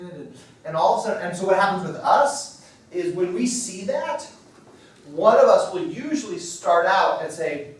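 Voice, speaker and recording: A man's voice: on the high side, animated, moderate pace, far from the mic, a little hiss or hum. Man teaching in an echoey church hall. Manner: conversational, self-deprecating, checks in with "okay?". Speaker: marriage workshop leader.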